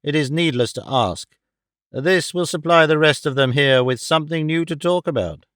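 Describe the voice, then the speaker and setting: A male audiobook reader voicing a stern, cold older mother who speaks in a severe, measured and reproachful way. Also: a little high, fairly bright tone, no room sound, studio quality, lightly acted. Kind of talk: audiobook character voice.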